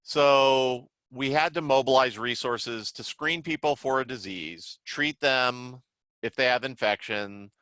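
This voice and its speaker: Chatty man with a bright, dry voice. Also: mid-range voice, takes it slowly, smooth, dry recording. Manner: chatty, lots of "like" and "you know". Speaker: psychiatrist teaching a class. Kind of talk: casual lecture with acted examples.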